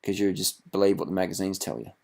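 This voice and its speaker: A man's voice: deep voice, quick pace, creaky, husky. A man, a cycling vlogger, giving mocking, profane reaction commentary on a video and laughing often.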